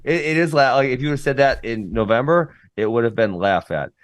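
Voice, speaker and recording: Man, podcast co-host, teasing, lively swooping pitch, dry close sound. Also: brisk, no echo. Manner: playful and teasing. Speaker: podcast co-host and former wrestler. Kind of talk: casual podcast chat.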